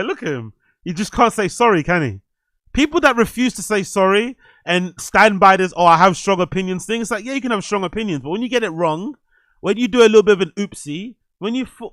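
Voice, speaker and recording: A young man hosts a live stream, firing off blunt and profane reactions to clips. His voice is bright and forceful, sitting a touch high. The sound is dry and close. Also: no room sound. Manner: blunt, profane, animated ranting.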